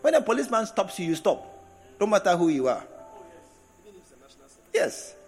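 A man preaches a sermon in a high, lively voice that swoops up and down. He breaks into laughing asides and stretches key words for emphasis. The sound carries the long echo of a big hall with faint music behind it. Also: moderate pace. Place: large hall with congregation. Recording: echoey hall from a distance.

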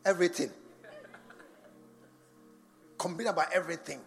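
A man's voice: a little high, steady tone, moderate pace. A man preaching a sermon in a large church, firing rhetorical questions at the congregation. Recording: long church reverb with faint music behind.

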